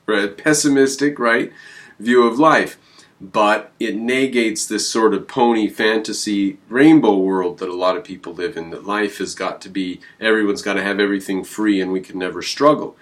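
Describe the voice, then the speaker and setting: A man hosting his own channel, talking in a rambling, emphatic way with sudden jumps in pitch. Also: normal speed. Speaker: channel host. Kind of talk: casual on-camera commentary.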